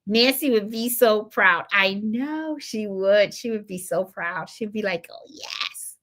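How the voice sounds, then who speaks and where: A woman's voice: mid-range voice, measured pace, fairly bright tone. A woman from Puerto Rico hosting her embroidery channel's live stream, chatting casually, greeting viewers and reading their comments, with lots of fillers and repeats.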